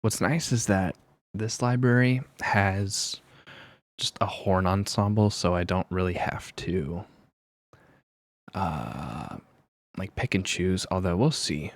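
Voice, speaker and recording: A man streaming music production and talking quietly in a soft-spoken ASMR manner. He hesitates and thinks aloud as he works. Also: low-pitched, takes it slowly, no room sound.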